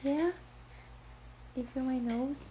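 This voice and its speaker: A woman coos to a baby in a high, unhurried voice. She coaxes and repeats her questions softly. The home video recording has a clear hiss of background noise. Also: steady tone, roomy sound. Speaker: parent talking to a baby.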